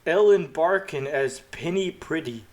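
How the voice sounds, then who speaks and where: Young man, casual chat, podcast co-host, slightly high voice, profane banter. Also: lively intonation, a little slow, darkish tone. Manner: swears freely, riffs on jokes.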